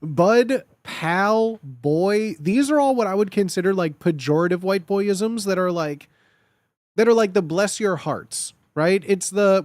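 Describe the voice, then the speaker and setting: A man chatting casually on a stream, playful and animated, repeating phrases in put-on tough-guy voices. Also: high-pitched, a little slow, no echo, studio quality.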